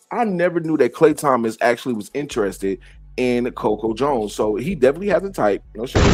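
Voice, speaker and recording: A man hosting casual celebrity gossip commentary, sassy and profane, jumping to sudden high exclamations. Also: darkish tone, husky.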